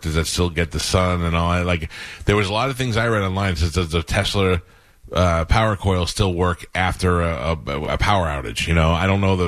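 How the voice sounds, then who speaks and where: A man's voice: low-pitched, a bit bright, dry recording. A man hosting morning radio, teasing callers with blunt, crude jokes and talking things through casually. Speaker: radio host. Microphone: studio mic.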